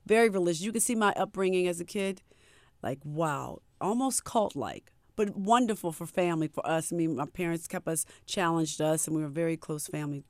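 A middle-aged woman from Maryland, a singer chatting as a guest in a casual interview, warm and playful with easy laughs. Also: lowish voice, a little fast, dry recording. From Maryland, USA.

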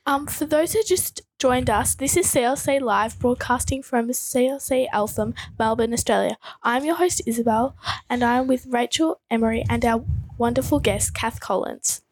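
High breathy woman hosting a live interview. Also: moderate pace, low-quality recording. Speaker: host.

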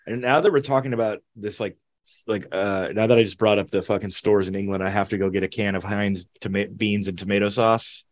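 A man's voice: lowish voice, fairly even intonation, fairly quick, lo-fi sound. A man in casual chat, telling rambling stories full of swearing and laughs. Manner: rambling, profane storytelling with laughs. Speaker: podcast co-host.

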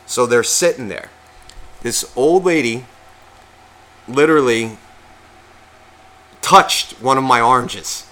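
A man's voice: mid-range voice, slow, long pauses, pushed and bright. A man who is sick, telling a long profane, self-mocking story on a podcast and acting out what people said. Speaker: podcast co-host. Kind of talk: casual storytelling chat.

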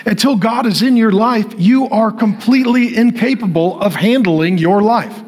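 High-voiced man preaching a sermon. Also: normal speed, a little mellow. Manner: repetitive rhetorical preaching, builds to emphatic declarations. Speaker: pastor.

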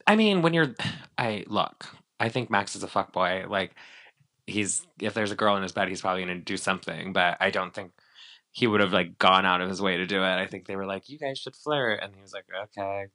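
Podcast co-host, man, low-pitched but bright, loose filler-heavy recap chatter. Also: brisk. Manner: animated, filler-heavy, acts out quotes. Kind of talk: casual reality-TV recap chat.

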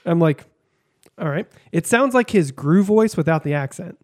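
Casting note: guy in his twenties, fairly high voice, loose rambling podcast chat. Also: expressive, moderate pace. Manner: rambling, laughs often, many fillers. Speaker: podcast co-host.

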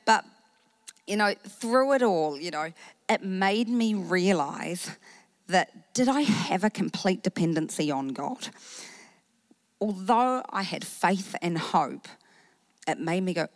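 A woman pastor in her thirties with a New Zealand accent, telling a personal faith story in a sermon, animated, acting out what people said. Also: fairly low pitch, measured pace, no room sound. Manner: animated storytelling with acted-out quotes.

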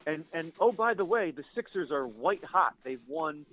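A man, co-hosting a casual sports podcast in an animated, enthusiastic way. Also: a little high, normal speed, highs cut off. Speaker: podcast co-host.

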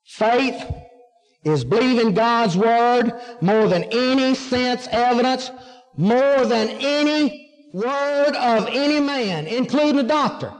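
A man's voice: extremely high pitch, takes it slowly. A man preaching a sermon, emphatic and drawling key words as he asks and answers his own questions. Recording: long hall reverb.

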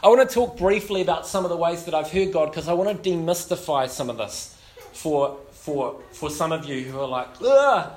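A man's voice: fairly high pitch, a little fast, darkish tone. A man, a pastor preaching a sermon full of self-deprecating stories and many fillers. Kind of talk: sermon with humorous storytelling.

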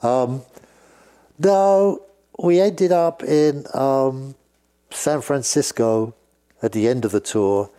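A man's voice: mid-range voice, takes it slowly, long pauses, warm tone, clean tone. An older man from England with a British accent, telling long, rambling stories about his years on the road as a guest in a casual chat. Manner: rambling anecdotes with frequent restarts. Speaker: guest, former road manager and sound engineer. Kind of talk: casual storytelling.

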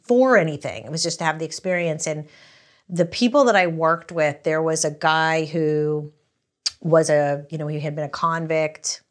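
A middle-aged East Coast American woman, a memoir author, tells candid stories in an interview. Her voice sits low and her pace is moderate, and she rambles animatedly, restarting often.

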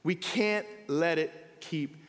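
A man's voice: fairly high pitch, takes it slowly, big-room sound. A man preaching a sermon as pastor, talking in a conversational, emphatic way. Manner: conversational, emphatic preaching with frequent "here's the deal". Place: church sanctuary.

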